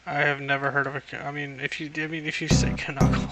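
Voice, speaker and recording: A man's voice: mid-range voice, big pitch swings, fast, over loud music. A young man chatting casually on a livestream, rambling and swearing constantly.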